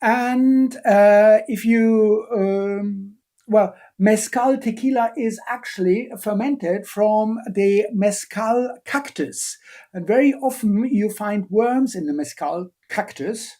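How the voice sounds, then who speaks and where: Slow, mellow-voiced male lecturer. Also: high voice. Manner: hesitant, many fillers, playful asides. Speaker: university biochemistry lecturer. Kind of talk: live-streamed online lecture, answering chat.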